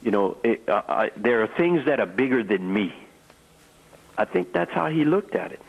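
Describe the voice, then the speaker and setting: An older man, a former ballplayer, telling stories in an interview, halting and repeating words as he goes. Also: mid-range voice, sing-song, vocal fry, phone-quality sound, slight background noise. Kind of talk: storytelling interview.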